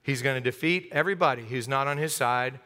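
An American man preaching a lively interactive sermon in a church, acting out crowd voices and joking with the congregation. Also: mid-range voice, fast. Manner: animated, acts out crowd voices, jokes with congregation. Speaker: pastor. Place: church sanctuary. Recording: long hall reverb.

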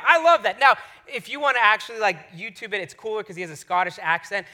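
A man's voice: sits high, quick pace, few pauses. A man in his thirties preaching a casual, enthusiastic sermon as a pastor. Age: 30s. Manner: energetic, enthusiastic storytelling.

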